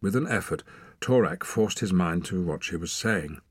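Deep, husky man narrating an audiobook. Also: normal speed, dry recording. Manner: dramatic, expressive, hushed at times.

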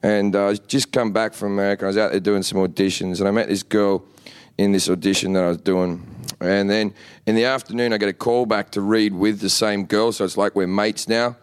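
A man's voice: lowish voice, fairly even intonation, fairly quick, smooth. A man with an Australian accent doing stand-up on a stage, telling a story in a laid-back way. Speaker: stand-up comedian. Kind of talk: stand-up comedy. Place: theatre stage.

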